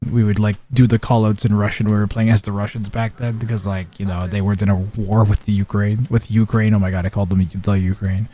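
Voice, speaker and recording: A man's voice: lowish voice, level tone, brisk, warm tone. A young man streaming a strategy game, chatting casually with viewers and commentating, rambling with lots of fillers and restarts.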